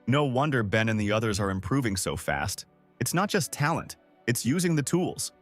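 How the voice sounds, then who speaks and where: A man voicing a determined teenage boy fighter, speaking in a raised pitch with excited exclamations. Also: normal speed, soft background music, lightly acted.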